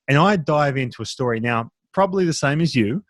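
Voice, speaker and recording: A man in his thirties co-hosts a casual podcast chat, telling stories and jumping up in pitch to act out what his friends said. His voice sits in a middle range for a man and is recorded dry, with no room sound. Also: brisk, no room sound. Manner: animated, acts out quoted friends in a raised voice. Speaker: podcast co-host.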